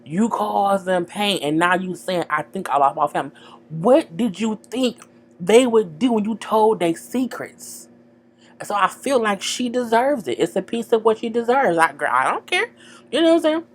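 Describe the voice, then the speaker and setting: A woman's voice: mid-range voice, expressive, normal speed. A woman giving a chatty, frank recap of a TV episode, full of "girl" and "you know". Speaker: TV show recapper.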